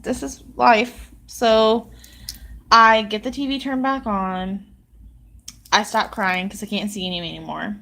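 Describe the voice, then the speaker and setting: A woman with a somewhat high voice recounts a personal story in casual spoken storytelling. She talks in a halting way, leaning on likes and ums as she goes. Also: sharp tone.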